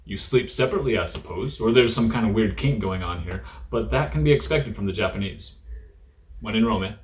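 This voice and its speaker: Low-voiced man giving a joking Japanese lesson. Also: brisk. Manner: joking, irreverent; laid-back, many fillers. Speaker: host teaching Japanese through news. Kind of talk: casual vocabulary lesson.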